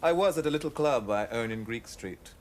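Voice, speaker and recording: An actor playing a smooth, sly, flirtatious male club owner in a TV drama. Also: medium pitch, animated, a little fast, darkish tone, slight background noise, lightly acted. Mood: smarmy. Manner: smarmy, flirtatious.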